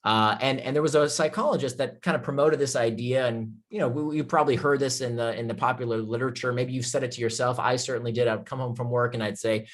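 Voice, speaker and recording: A man giving an impassioned talk on a video call, with emphatic rhetorical questions, then calmly answering audience questions from the chat. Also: mid-range voice, fast, few pauses. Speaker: author and speaker.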